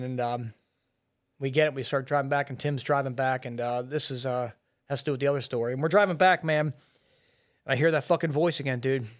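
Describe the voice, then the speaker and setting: A middle-aged firefighter and police officer telling a painful rescue story in a podcast interview, blunt and full of swearing. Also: male voice, mid-range voice, smooth. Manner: blunt and profane, heavy swearing and filler words.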